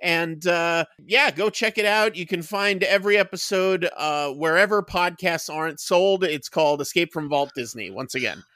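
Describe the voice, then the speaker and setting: Deadpan man as a podcast guest. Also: on the high side, moderate pace, hardly any pauses, no room sound. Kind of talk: casual podcast chat.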